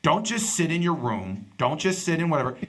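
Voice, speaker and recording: A stand-up comedian hosting a podcast speaks fairly quickly in a voice on the high side. He tells a story casually and with animation, performing the people he quotes.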